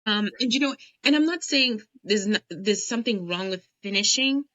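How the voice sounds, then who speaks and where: A woman talking with emphatic enthusiasm as a podcast guest. Her voice is bright and forward, and it sits in a dry space with no room echo. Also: mid-range voice, lively intonation, moderate pace, dull audio. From United States. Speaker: guest, whiskey founder and blender. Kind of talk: casual podcast interview.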